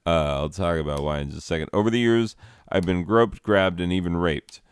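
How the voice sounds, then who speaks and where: A man's voice: sits low, fairly quick, clear, resonant tone, no room sound. A man giving rambling, exasperated comedic commentary on slides, full of "like" fillers.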